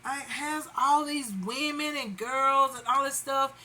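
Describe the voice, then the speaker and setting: A woman's voice: high-pitched, steady tone, measured pace, bright, forceful tone, slight background noise. A woman doing her makeup on camera while venting in casual, rambling chat full of fillers. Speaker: beauty vlogger.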